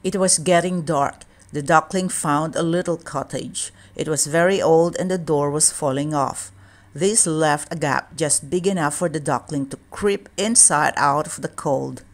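A woman reading a children's storybook aloud in a calm, measured way. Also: low voice. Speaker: children's book reader.

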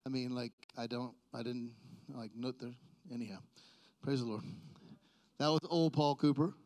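A man's voice: medium pitch, fairly even intonation, moderate pace, a little mellow. A middle-aged male pastor preaching a sermon in a church, conversational and self-deprecating, joking with the congregation.

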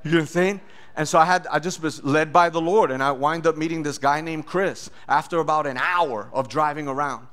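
A man preaching a sermon as a pastor and sharing his testimony, animated and acting out voices with loud bursts. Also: fairly high pitch, fairly quick.

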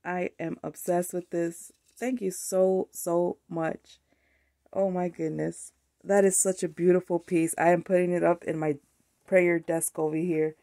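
A woman vlogging as she opens craft mail at home, gushing and excitable, sometimes teary, moving closer to and away from the camera mic. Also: fairly low pitch, a little slow, slight background noise. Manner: gushing, excitable, tearful at times. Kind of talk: casual unboxing chat.

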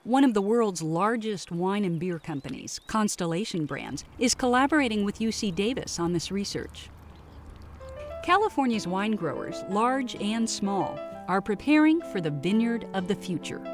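A woman narrating a science news feature in a measured, scripted way. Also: mid-range voice, sing-song, soft background music. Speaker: reporter narrating.

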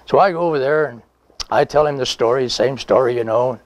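Old guy in his 90s rambling thru a story, chuckling, dry close mic, middle pitch. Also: a little fast, dry recording. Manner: rambling, folksy, with chuckles and reenacted dialogue. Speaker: war veteran interviewee. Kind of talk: conversational oral history storytelling.

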